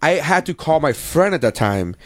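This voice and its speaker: A man's voice: fairly high pitch, big pitch swings, normal speed, noisy background. A man hosting a casual podcast, telling stories in a rambling way with frequent swearing and restarts.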